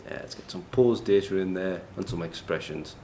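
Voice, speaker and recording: Speaking live at a conference, a man gives a technical presentation in a chatty, self-deprecating way, laughing often. His low, mellow voice moves at a moderate pace, and the room is noisy and echoey.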